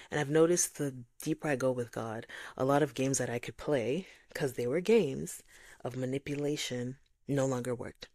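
A woman's voice: extremely low pitch, moderate pace, no echo. A woman from Nigeria hosting a faith-based podcast, talking reflectively and acting out voices of others. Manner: animated, acts out voices of God and others. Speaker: podcast host.

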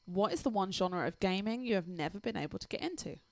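English woman, podcast co-host, giggly, gravelly edge, dry mic. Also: medium pitch, lively intonation, quick pace, darkish tone, dry recording. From England. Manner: giggly, laughs often between lines. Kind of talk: casual chat, reading a listener email aloud.

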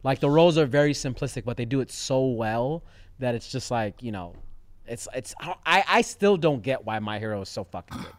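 A man hosting a livestream chat, teasing his guests with loud banter and frequent laughter. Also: mid-range voice, animated, a little fast, no room sound. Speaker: stream host. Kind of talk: casual chat.

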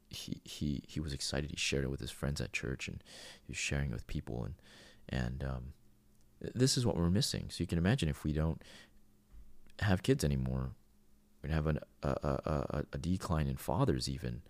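Man, podcast host, very low gravelly voice, earnest reflective monologue. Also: dry recording. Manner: earnest and heartfelt.

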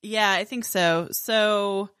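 A woman's voice: medium pitch, fairly even intonation, slow pace, a bit bright, clear, resonant tone, no room sound. A woman plays a tabletop game and works through her turn carefully, thinking aloud. The recording is dry, with no room sound. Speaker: player.

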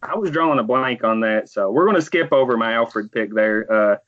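A man's voice: mid-range voice, expressive, fairly quick, fairly bright tone, no room sound. Chill guy talking on a podcast, dry dull lo-fi audio. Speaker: podcast co-host. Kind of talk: casual chat.

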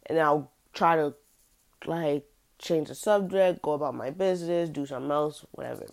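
A young woman telling a personal story in a casual, halting way, full of fillers and restarts. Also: sits low, creaky.

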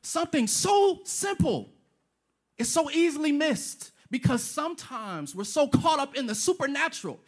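A man's voice: extremely high pitch, sing-song, normal speed. A pastor preaching a sermon, emphatic and repetitive, firing off rhetorical questions and slipping casual slang into his preaching.

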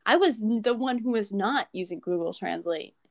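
A teenage girl in casual chat, telling animated stories with laughter. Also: mid-range voice, moderate pace, dry recording. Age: teens. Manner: chatty, animated, laughing storyteller.

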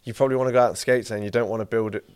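A man's voice: medium pitch, fairly even intonation, darkish tone, smooth. A young man hosting a podcast, telling rambling stories in casual chat with lots of fillers. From England. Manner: rambling, quick storytelling with many fillers. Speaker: podcast host.

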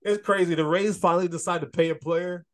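A man's voice: sits high, steady tone, fast. Joking man on a sports podcast. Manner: joking, teasing, laughs often, slangy. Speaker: podcast co-host. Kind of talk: casual sports chat.

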